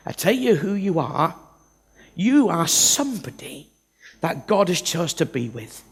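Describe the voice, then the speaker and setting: A man's voice: high-pitched, huge pitch swings, normal speed, vocal fry, slightly rough. A man from the north of England, preaching a humorous, self-deprecating sermon to a church congregation. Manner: humorous, self-deprecating, acts out Bible characters. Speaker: visiting preacher.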